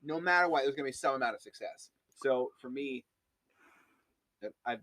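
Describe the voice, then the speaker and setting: A man hosting a casual podcast chat, telling stories in an animated way and swearing freely. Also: medium pitch, moderate pace, no echo.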